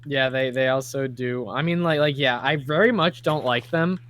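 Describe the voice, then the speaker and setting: Bright-voiced young man, defensive and stammering. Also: mid-range voice, normal speed. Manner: defensive, stammering, mock-indignant. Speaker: gamer on stream. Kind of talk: casual chat on a gaming stream.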